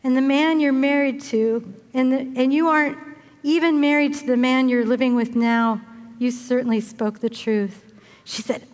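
A high-voiced older woman delivers a sermon with expressive storytelling, slipping into the voices of the people in her story. Her voice rings out with a long, lingering reverb, as if filling a large hall. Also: normal speed. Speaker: speaker at a women's event.

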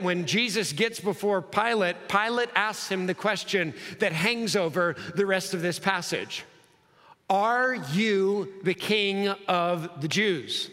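A man preaching an expository sermon, acting out the dialogue and dropping low and slow for emphasis. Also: pushed and bright. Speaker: pastor. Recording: long hall reverb.

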